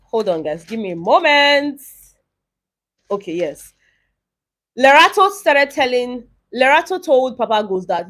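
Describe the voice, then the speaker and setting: A woman's voice: fairly high pitch, big pitch swings, a little slow, long pauses, a bit bright. A young woman, chatting casually in a vlog as she recaps a reality show, rambling and retelling scenes.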